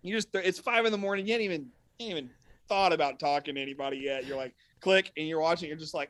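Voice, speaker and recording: Animated chatty male guest. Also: a little high, very fast, dry recording. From Texas. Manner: animated storyteller, does mock voices. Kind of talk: casual chat.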